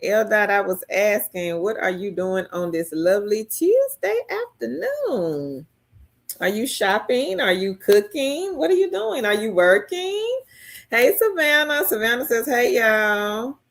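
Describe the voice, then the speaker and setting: At a measured pace, a woman running a casual live stream reads viewers' comments aloud and replies in a chatty manner. Her pitch shoots high whenever she gets excited.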